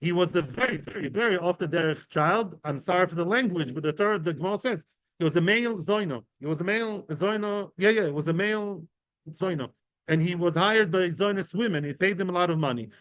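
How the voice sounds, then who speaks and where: Teaching Talmud informally to a group of men, this teacher breaks down each term with everyday examples and keeps asking "right?" and "yeah?" in a conversational way. His voice is high, fast and fairly bright. The recording has no room sound and its highs are cut off.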